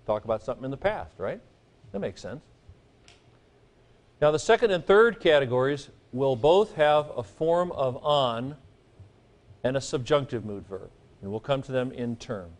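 Middle-aged man, classroom Greek teacher, casual and joking, mid-pitched voice. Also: expressive, moderate pace, long pauses. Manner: chatty, joking asides, frequent "okay?" checks. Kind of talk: classroom lecture.

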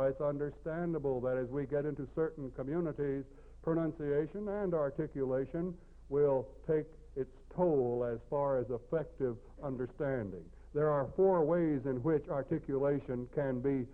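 A man with a St. Louis accent, a speech instructor giving a measured, explanatory classroom lecture and showing pitch changes with his own voice. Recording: tinny lo-fi phone-like recording.

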